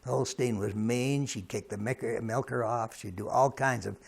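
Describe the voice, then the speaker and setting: Casting: gravel-voiced grandson, folksy and amused, mid-range pitch. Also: male voice, moderate pace. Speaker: grandson, former dairy farmer. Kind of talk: oral history reminiscence.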